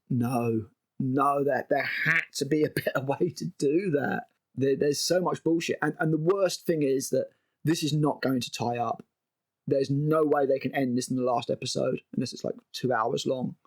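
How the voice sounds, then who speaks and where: A man's voice: mid-range voice, darkish tone. A man recapping a TV episode as a review host, exasperated and sarcastic and swearing freely.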